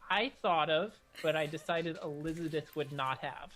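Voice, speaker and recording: Brief: low-voiced woman player in a tabletop game. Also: normal speed, fairly bright tone. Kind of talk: casual chat in a tabletop game.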